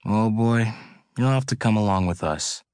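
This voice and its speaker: A man playing a hard-bitten police officer who questions a suspect in a slow, half-friendly, judging drawl. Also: on the low side, a little mellow, clean tone, no echo, studio quality, pitched above the performer's own voice, close to an everyday voice. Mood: menacing.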